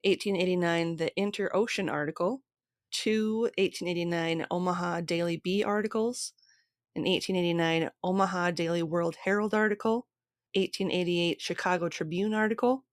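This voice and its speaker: A woman's voice: fairly low pitch, fairly even intonation, moderate pace, dry recording, clean studio sound. A woman hosting a podcast, steadily reading from a script and long lists of sources. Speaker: podcast host.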